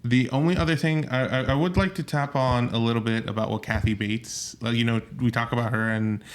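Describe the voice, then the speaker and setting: A man's voice: medium pitch, fairly even intonation, brisk. A man hosting a podcast, earnestly steering the conversation and wrapping up topics. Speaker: podcast host. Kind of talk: casual chat.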